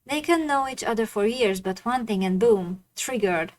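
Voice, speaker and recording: A woman streamer chatting over her game with blunt, indignant commentary and frequent swearing. Her voice sits a little on the high side. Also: expressive, moderate pace, rough recording. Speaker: streamer playing a dating sim. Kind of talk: casual gaming commentary.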